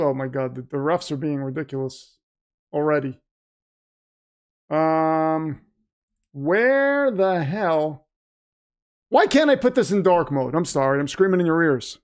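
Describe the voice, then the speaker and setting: A man hosts a live stream at a desk microphone in his home setup. His voice sits high and clear, and his unhurried chatter keeps erupting into booming announcer-style calls. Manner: excitable, breaks into wrestling-announcer shouts. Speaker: livestream host. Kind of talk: live watch-party commentary.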